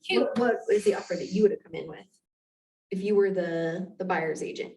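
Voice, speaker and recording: A woman's voice: lowish voice, brisk, darkish tone. A woman taking part in a training class, asking brief questions. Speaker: class participant. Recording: distant, echoey room sound.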